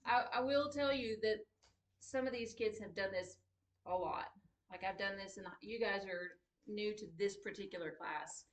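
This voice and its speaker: A woman teaching a high school writing class, briskly explaining and tapping out syllable rhythms. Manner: lively, brisk, reads lines aloud and beats rhythm with syllables. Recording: echoey classroom from a distant mic.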